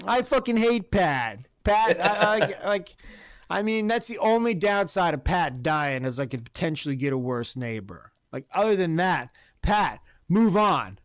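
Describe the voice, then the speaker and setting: A man telling a long profane story about his neighbor in casual podcast chat, animated and blunt. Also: high-pitched, moderate pace, dry recording, clean studio sound. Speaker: podcast host. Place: Oregon.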